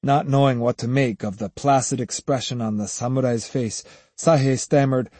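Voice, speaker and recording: A man narrating an audiobook, in a measured, expressive storytelling voice on a close studio mic. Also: mid-range voice, dry recording. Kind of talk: scripted narration.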